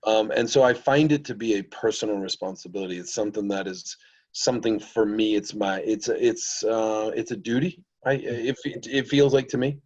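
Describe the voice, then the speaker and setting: A man's voice: lowish voice, steady tone, normal speed, darkish tone. A man speaking as a guest in casual podcast chat, reflective and opinionated, heard over dull call audio.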